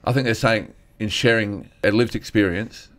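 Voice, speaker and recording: A man's voice: lowish voice, normal speed. A young man, a stand-up comedian talking candidly and earnestly, acting out the voices of people in his stories. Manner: earnest, animated retelling with acted-out quotes. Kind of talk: candid conversational storytelling.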